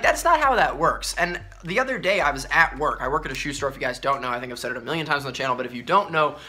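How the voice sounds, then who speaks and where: A man's voice: fairly high pitch, sharp tone. A young man ranting casually on a sneaker vlog, profane and exasperated, acting out the people he quotes. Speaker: sneaker vlogger. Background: faint music.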